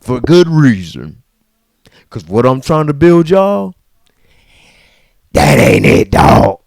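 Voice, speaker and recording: A man rants casually straight to camera, heavy with slang and repeated phrases. His voice is very lively, swinging from low mutters up to sharp outbursts. The sound is dry and close. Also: slow, gravelly, no room sound. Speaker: vlogger.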